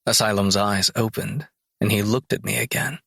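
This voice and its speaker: A man reads a first-person audiobook in a dry, sardonic way. His voice is low-ish, bright and breathy, recorded close in a dry booth. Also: steady tone, moderate pace, no room sound. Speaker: audiobook narrator.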